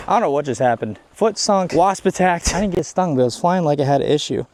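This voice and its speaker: A man hosting a fishing vlog outdoors on a muddy shoreline, talking to the camera in an excited, chatty way, hot and a bit winded. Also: a little high, fast, a little hiss or hum. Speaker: fishing channel host. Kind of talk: casual outdoor vlog narration.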